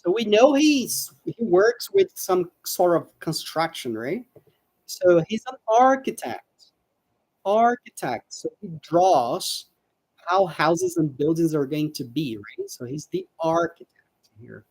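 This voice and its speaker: Female English teacher, patient, drills pronunciation slowly; husky voice, dry sound. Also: lowish voice, very animated, darkish tone, no echo, rough recording. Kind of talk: live online English lesson.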